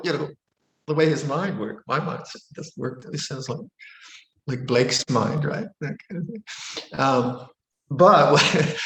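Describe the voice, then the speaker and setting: A male Buddhist monk giving a dharma talk, telling stories gently and chuckling often. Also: mid-range voice. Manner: gentle, amused storyteller who chuckles often. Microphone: online video session. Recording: roomy hall echo.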